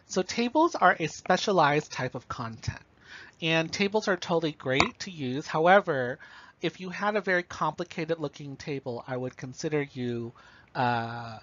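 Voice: medium pitch, a bit bright, no room sound. A university lecturer giving a recorded instructional lecture in a casual, explanatory way, often checking in with listeners. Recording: dull, slightly lo-fi dry recording.

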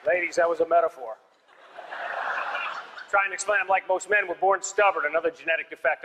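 Bright-voiced male stand-up comic in a hall. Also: a little high, fairly even intonation, fast talker, muffled recording, a faint crowd. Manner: dry storytelling with punchy one-liners. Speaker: stand-up comedian. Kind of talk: stand-up comedy set. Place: large theater stage. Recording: live hall reverb with audience noise.

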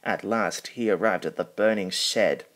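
A man reading a children's storybook aloud, slowly and carefully. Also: low voice, a bit bright. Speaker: storybook reader. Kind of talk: storybook narration.

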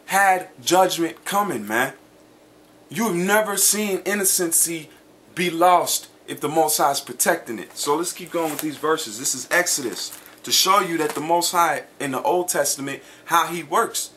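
A man preaching a sermon and reading scripture aloud, emphatic, often checking in with "okay?" and "man", slowing down to stress words. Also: a little high, pushed and bright.

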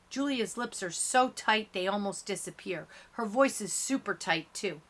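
A woman reading a first-person audiobook in steady, lower-key narration. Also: moderate pace, few pauses.

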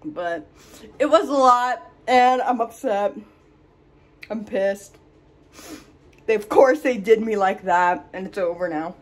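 A woman's voice: mid-range voice, slow pace, long pauses, a little hiss or hum. A woman vlogging from home in a casual, rambling rant, out of breath and emotional, with lots of "like". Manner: rambling, emotional, heavy use of "like".

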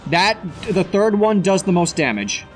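Excitable stammering man over game music. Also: high-pitched, a little slow. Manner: excitable, swears, stammers and repeats words. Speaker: let's play commentator. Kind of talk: casual gameplay commentary.

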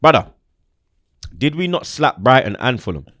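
A young man rants about football in a lively, up-and-down voice, heavy with street slang and emphasis. The sound is dry and close, with no room around it. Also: mid-range voice, normal speed, no echo. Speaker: football fan show host. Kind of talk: heated casual football chat.

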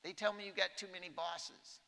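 A man's voice: high voice, steady tone, normal speed, vocal fry, pushed and bright, pitched above the performer's own voice, exaggerated voice. A man impersonating a brusque president who gives clipped, urgent orders. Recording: echoey hall.

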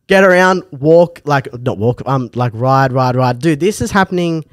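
A man's voice: mid-range voice, lively intonation, moderate pace, dry recording, studio quality. A young Australian man hosting a podcast, telling a long story in a casual, sweary way and acting out the voices. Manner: sweary, laughing, acts out voices in his stories.

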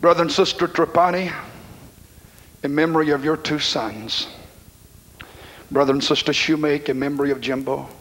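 A middle-aged man preaching a sermon to a congregation, impassioned, dropping to a hush and then rising to shouts. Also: on the high side, fairly even intonation, normal speed, long pauses, low-quality recording. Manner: impassioned, swings from hushed to shouting. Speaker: pastor. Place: church congregation.

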